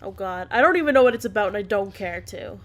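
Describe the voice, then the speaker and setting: A woman co-hosting a podcast, trading quick banter in casual chat and laughing often. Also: mid-range voice, expressive. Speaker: podcast co-host.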